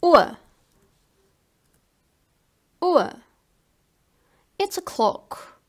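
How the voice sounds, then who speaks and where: A woman giving a language lesson, saying each word slowly and carefully, often twice. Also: very high voice, big pitch swings. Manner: slow, carefully enunciated word drills. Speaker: language teacher.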